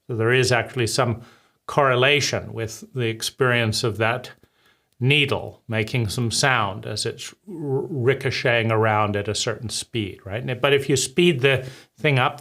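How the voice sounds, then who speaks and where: A man's voice: medium pitch, unhurried, a bit bright. A man giving a loose, thinking-aloud talk, building points with lists and analogies and ending lines with "right?". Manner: talks in loose restarts, tags lines with "right?". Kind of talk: philosophical lecture.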